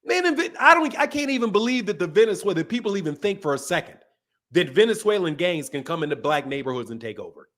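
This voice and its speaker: A man's voice: high-pitched, very animated, fast, a bit bright. A man hosting a casual podcast, ranting emphatically and swearing a lot. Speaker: boxing channel host. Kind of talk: casual profane podcast rant.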